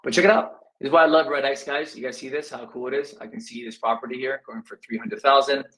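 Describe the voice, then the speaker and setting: A man coaching real estate students in a casual talk, acting out phone calls in quick asides. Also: medium pitch, steady tone, fairly bright tone, poor audio.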